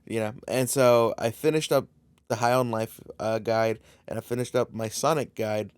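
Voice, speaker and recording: A man hosting a podcast in casual chat, relaxed and jokey, rambling a little as he talks. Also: medium pitch, normal speed, smooth, no echo. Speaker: podcast host.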